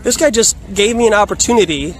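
A man casually telling a story in a vlog, animated and laughing often, recorded outdoors on a phone. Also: high-pitched, quick pace. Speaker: vlogger. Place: outdoors in a busy urban area. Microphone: phone on a selfie stick. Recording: outdoor street noise.

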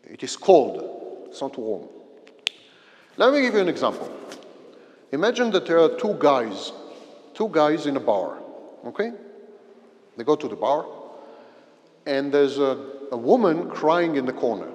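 A man giving a psychology lecture at a university, explaining slowly, repeating key phrases and giving everyday examples. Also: on the high side, sing-song, a little mellow. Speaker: visiting psychology professor. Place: lecture hall. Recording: long reverb of a lecture hall.

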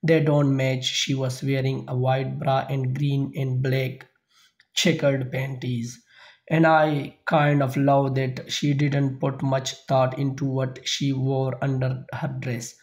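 A man narrating a novel in the first person as an audiobook reader, halting at times with small slips and restarts. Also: mid-range voice, flat delivery, a little mellow.

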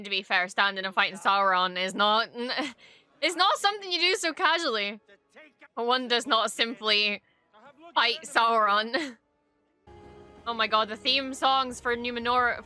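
A young adult woman giving casual reaction commentary at her home streaming desk, excitable and gushing, swearing freely. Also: on the high side, moderate pace, soft background music.

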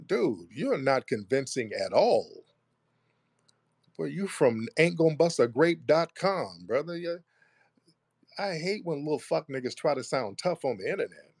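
A man hosting a live online audio room, taunting and talking down to a caller with slow, deliberate jabs. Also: a little high, big pitch swings, a little mellow, breathy edge, no echo. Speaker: host. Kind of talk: confrontational live audio chat.

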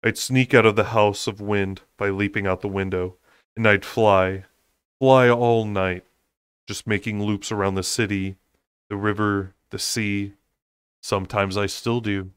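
A soft-spoken, teasing winged fae lord, as a man reading aloud gives him voice. He speaks low and slow, and the sound is close and dry. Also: steady tone, clean tone, no room sound, close to an everyday voice. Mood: wistful.

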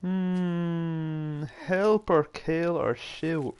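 A man's voice: on the high side, lively intonation, normal speed, vocal fry, darkish tone. A man streaming a video game, making sarcastic jokes and mumbling to himself as he plays. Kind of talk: live gameplay commentary.

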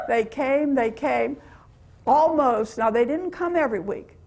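An older American woman telling stories of her mission trip to a church meeting, chatty and laughing often. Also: fairly high pitch. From USA. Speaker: guest speaker.

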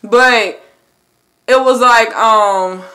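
A young woman chatting casually to her viewers in a vlog, addressing them as "y'all" and bursting into loud, excited exclamations. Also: on the high side, extremely slow. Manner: animated, swings into loud excited shouts and laughs; talks straight to viewers with lots of "y'all". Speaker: YouTuber.

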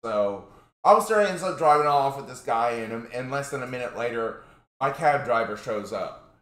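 A man's voice: mid-range voice, expressive, moderate pace, fairly bright tone. A man casually telling a personal story to his viewers in a rambling way, full of "like" and restarts. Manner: rambling, filler-heavy, frequent "like". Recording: roomy echo.

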